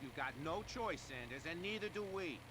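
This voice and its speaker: A man's voice: fairly high pitch, animated, a little fast, background noise, lightly acted. An actor playing a stern male asylum orderly in a horror video game, giving firm orders.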